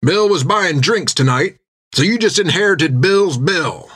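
A man voicing a burly, gruff sea captain who talks in a folksy rough sailor's dialect, raised above his own pitch. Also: lively intonation, unhurried, a bit bright, heavily acted. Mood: gruff command.

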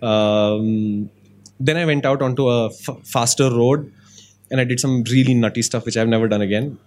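A man on a podcast, telling stories in a lively, animated way that moves between calm and excited. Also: mid-range voice, moderate pace. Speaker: motorcycle journalist, podcast guest. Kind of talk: casual podcast conversation.

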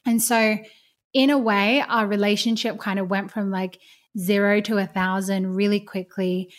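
A woman's voice: medium pitch, steady tone, normal speed. A woman with a mid-range voice speaks as a podcast guest. She talks openly and reflectively, in an easy, conversational way. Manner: open, reflective storytelling. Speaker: podcast guest, business owner. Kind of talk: casual interview chat.

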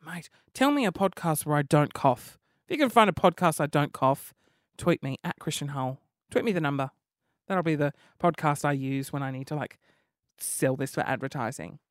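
Male podcast host, 30s; high, very expressive voice, exasperated comic rants, dry close sound. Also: normal speed, no room sound. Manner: animated, exasperated ranting with swearing and playful impressions. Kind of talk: comedic podcast monologue.

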